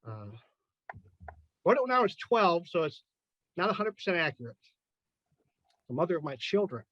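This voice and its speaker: A man's voice: sits high, sing-song, moderate pace, fairly bright tone, no echo, highs cut off. A man in his fifties hosting a chat and then doing a loose, profane stand-up set. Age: 50s. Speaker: podcast host and amateur stand-up comic.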